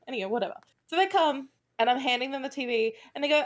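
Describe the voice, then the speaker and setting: Blunt, wry woman with a higher voice. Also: expressive, fast, few pauses. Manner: blunt, wry storyteller who laughs often. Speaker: podcast guest. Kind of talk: casual podcast chat.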